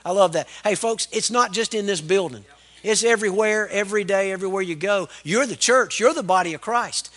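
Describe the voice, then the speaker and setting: A man's voice: high-pitched, brisk, a bit bright. A middle-aged man preaching a sermon as pastor, fervent and calling out for amens. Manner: fervent preaching with call-and-response "Amen?".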